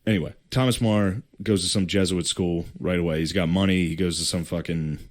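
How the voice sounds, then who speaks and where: A man's voice: deep voice, fairly even intonation, a little fast. A man casually retelling a history story on a podcast, loose and profane, laughing and slipping into put-on voices. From Irish heritage. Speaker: podcast host telling history.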